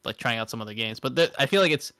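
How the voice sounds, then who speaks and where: A man's voice: mid-range voice, animated, rapid-fire, a bit bright. A young man co-hosting a gaming podcast, hesitant and thoughtful, often restarting his sentences. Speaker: podcast co-host. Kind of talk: casual gaming chat.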